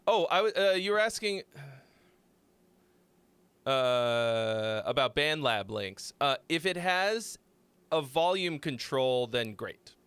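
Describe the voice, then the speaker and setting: Brief: young male streamer, unhurried, bouncy intonation, casual and profane. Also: mid-range voice, big pitch swings, fairly bright tone, clear, resonant tone, no echo. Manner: loose, rambling, swears freely. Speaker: streamer hosting song critiques. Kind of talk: casual live-stream chat.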